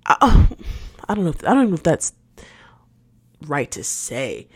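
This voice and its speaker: A woman's voice: low voice, sing-song, measured pace, breathy edge, dry recording, whispered, clean studio sound. A woman hosting a casual solo podcast, talking candidly and animatedly, laughing often and repeating words as she searches for them. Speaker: podcast host.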